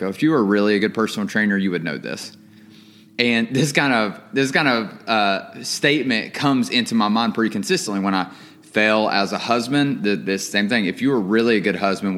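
Young guy doing his faith podcast, kinda low voice, earnest and rambly, lots of ums. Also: fairly bright tone. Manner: earnest, rambling, with many ums and repeated words. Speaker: podcast host. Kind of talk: casual faith podcast monologue.

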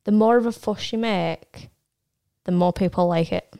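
A woman co-hosting a podcast in casual chat, confident and teasing, with quick interjections. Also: medium pitch, creaky, mellow, smooth. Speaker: podcast co-host and comedian.

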